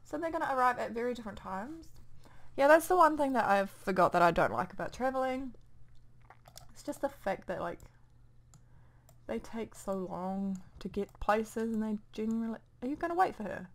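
Her voice is on the high side and moves at a moderate pace. Recording at home on a desk microphone, this young New Zealand woman gives casual let's play commentary, rambling and muttering to herself as she plays.

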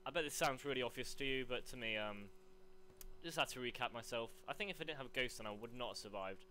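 A young man commentating live on his gameplay, rambling between chat and excited yelps. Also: mid-range voice, quick pace, a little hiss or hum. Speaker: gaming commentator.

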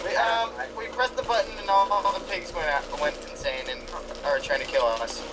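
A man's voice: high-pitched, steady tone, normal speed. Teasing male gamer on a noisy mic. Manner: teasing, rambling storyteller, lots of fillers. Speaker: co-player in a gaming session. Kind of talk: casual let's-play chat.

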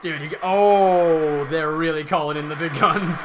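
A young man with a high, lively, bright voice co-hosts a gaming let's play. He swears freely, laughs often and shouts at his partner when the game turns on him. Faint room noise sits under his voice. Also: unhurried. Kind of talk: casual gaming commentary.

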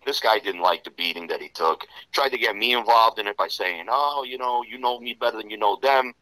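A man telling rough stories in a casual interview, profane and rambling, full of "you know". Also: lowish voice, a little fast, sharp tone, no room sound, poor audio. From Serbian Romanian background. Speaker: interview guest.

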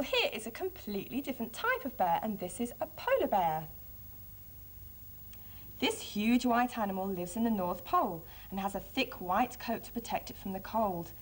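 A children's TV presenter with a mid-range voice reads a storybook aloud before showing a craft. Her delivery is friendly and expressive.

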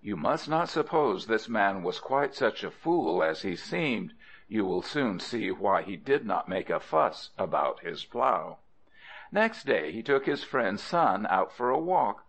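Expressive low-voiced male storyteller. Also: a little slow, creaky. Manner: expressive, with playful asides to the listener. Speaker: audiobook narrator. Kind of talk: storybook narration. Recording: dull lo-fi audio.

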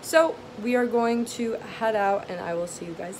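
High-voiced young woman vlogging casually. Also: normal speed, hardly any pauses, background noise. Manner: chatty, filler-heavy talk with lots of "um" and "like". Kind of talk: casual vlog chat. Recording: music playing behind.

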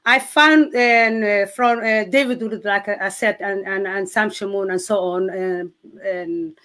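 A woman with a Somali accent earnestly telling her faith testimony, halting and restarting often. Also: mid-range voice, fairly even intonation, fairly bright tone. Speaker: guest sharing testimony. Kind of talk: emotional personal testimony.

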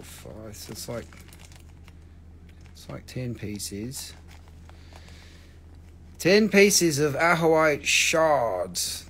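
A man's voice: mid-range voice, a bit bright, a little hiss or hum. Profane rambling man selling rocks live. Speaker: host selling rocks and minerals on a livestream. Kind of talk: casual live sales chat. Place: family-owned rock and mineral shop.

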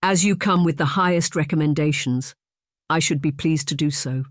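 An audiobook narrator voicing a wry young duke with deadpan delivery. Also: medium pitch, normal speed, no room sound, clean studio sound, lightly acted.

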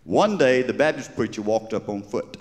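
A man's voice: mid-range voice, lively intonation, normal speed, a little mellow. Folksy Georgia-accented storyteller man. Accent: Southern US, Georgia. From Georgia, USA. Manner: folksy, rambling down-home storytelling. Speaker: stand-up humorist. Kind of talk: live stand-up storytelling. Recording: live stage recording with long reverb.

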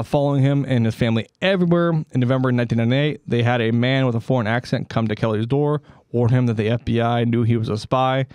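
A man's voice: mid-range voice, darkish tone, clear, resonant tone, dry recording, studio quality. A man co-hosting a comedy podcast, reading out a story casually and stumbling over names with joking asides. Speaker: podcast co-host.

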